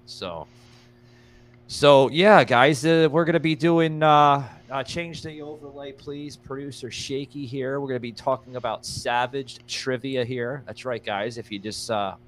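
A young man hosts a casual livestream talk show, rambling and thanking viewers by name with plenty of fillers. His voice sits at an ordinary middle pitch. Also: fairly even intonation, measured pace. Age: young adult. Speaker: podcast host.

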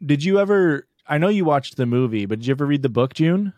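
A man's voice: fairly high pitch, animated, quick pace, a little mellow, dry recording. Young man, podcast co-host, playful banter, dry close-mic sound. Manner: playful, teasing, goofy bits. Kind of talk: casual chat.

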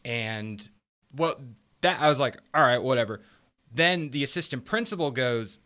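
A man's voice: medium pitch, normal speed. A man, a comedian guest, telling anecdotes about substitute teaching in a casual chat. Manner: animated anecdotes with laughs.

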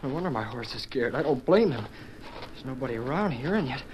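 An actor playing an eager young cowboy rider in a 1940s radio drama, talking excitedly to himself. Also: male voice, medium pitch, a little fast, close to an everyday voice. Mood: wondering. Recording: noisy old radio recording.

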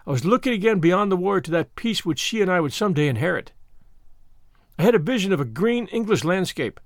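A man narrating a novel in the first person, measured and earnest. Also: high-pitched, lively intonation, no echo, studio quality. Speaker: audiobook narrator. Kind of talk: scripted narration.

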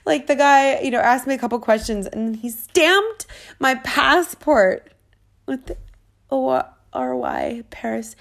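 Casual female vlogger with a gravelly voice, chatty and eager, talking from a rented flat. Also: high-pitched, slow pace. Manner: chatty and excitable, lots of fillers. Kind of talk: casual travel chat. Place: rented apartment in a big city.

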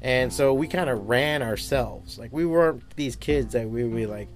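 A man who owns a comic book shop, talking in a casual podcast monologue, swearing often and rambling through animated stories. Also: mid-range voice, moderate pace, faint music behind. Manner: profane, rambling, animated storytelling.

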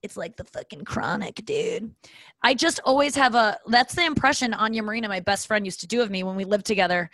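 A woman's voice: mid-range voice, a little fast, fairly bright tone, no echo. A woman hosting a casual solo podcast, rambling and self-deprecating, swearing freely as she wanders off topic. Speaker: podcast host. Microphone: podcast microphone.

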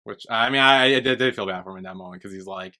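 Bright-voiced young man chatting casually. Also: fairly low pitch, quick pace. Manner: chatty, swears freely, retells scenes. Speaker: podcast co-host. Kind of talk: casual chat.

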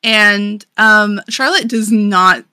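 Here is a woman chatting casually on a podcast, her voice bright and forceful. She runs through a story full of "like" fillers and swearing, tossing off the characters' lines in her own voice. The recording is dry and close, with no room sound. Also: medium pitch, clear, resonant tone, no echo. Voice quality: casual, swearing, lots of "like" fillers, acts out characters in quick paraphrase. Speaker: podcast co-host. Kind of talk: casual chat recapping a manga.

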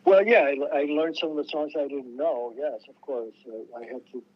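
A man's voice: fairly high pitch, lively intonation, normal speed, highs cut off. A man, a musician guest in an interview, telling stories in a loose, rambling way with many restarts. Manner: rambling, restarts a lot, acts out quoted voices. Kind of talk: casual storytelling interview.

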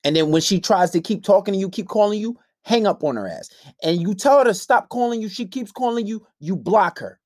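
A man's voice: sits high, expressive, brisk, darkish tone, no room sound, studio quality. A young man hosting a casual dating-advice podcast, brash, profane and preachy in his delivery. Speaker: podcast host.

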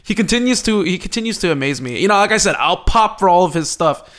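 A man co-hosting a casual sports podcast, excitable and quick to laugh. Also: high-pitched. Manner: excitable, laughs often, restarts. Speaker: podcast co-host.

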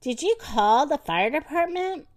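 A woman's voice: high voice, expressive, measured pace, pitched above the performer's own voice. A woman voicing a weary, easygoing male firefighter from a storybook, dry and resigned.

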